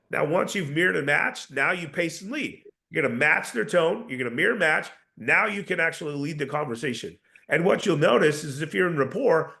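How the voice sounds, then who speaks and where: A man gives a sales training lesson, coaching his listeners with repeated points and spoken examples of tone. His voice sits a little high for a man and has a gravelly rasp. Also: pushed and bright. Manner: coaching, repetitive, demonstrates tones.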